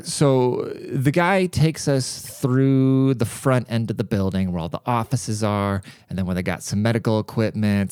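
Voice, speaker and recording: A man's voice: on the low side, smooth, no room sound, clean studio sound. Rambling, profane man telling a story. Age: middle-aged. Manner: rambling, profane, animated asides. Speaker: podcast host. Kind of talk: casual storytelling monologue.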